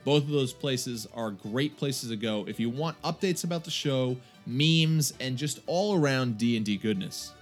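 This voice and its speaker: A man co-hosting a tabletop gaming podcast in casual chat, talkative and quick to laugh at himself. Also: medium pitch, soft background music. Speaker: podcast co-host.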